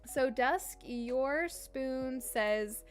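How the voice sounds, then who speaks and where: A woman's voice: high voice, drawn-out words, faint music behind. A woman streamer in casual chat with her viewers, talking in a chatty, playful way.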